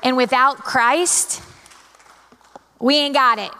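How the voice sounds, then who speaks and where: A young woman preaches from the stage of a large church, her fairly high voice carrying a long hall reverb. She tells personal stories with a dramatic, animated flair and speaks straight to the congregation. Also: slow, pauses often, clean tone. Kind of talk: sermon.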